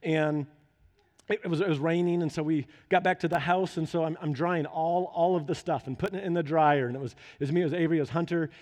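A man with a notably high voice preaches from the pulpit of a church. He moves from relaxed storytelling to fervent, urgent exhortation. His words ring out with a long hall reverb around them. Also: quick pace. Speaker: pastor. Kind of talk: sermon.

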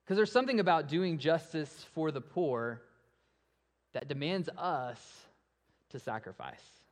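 A man preaching a sermon, asking rhetorical questions that swell and then drop to a hush, and animated when he acts out story voices. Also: fairly high pitch, unhurried. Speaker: pastor. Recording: long reverb of a large hall.

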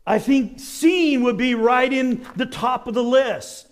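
A man preaching a sermon in an animated way, rising to shouts as he acts out the stories he tells. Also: very high-pitched, takes it slowly. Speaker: pastor.

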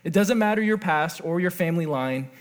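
A man preaching a sermon as pastor, earnest, shifting between hushed intimate passages and excited exclamations, joking with the congregation. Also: on the high side, fairly quick.

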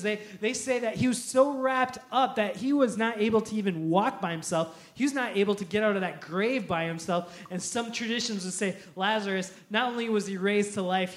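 A male pastor preaching a sermon, telling a story in an animated way and acting out quotes with laughter. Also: sits high, roomy sound.

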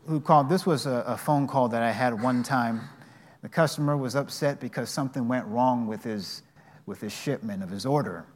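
An earnest man giving a devotional teaching in a mid-range voice. He tells personal stories in a halting way and often restarts his sentences. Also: medium pitch.

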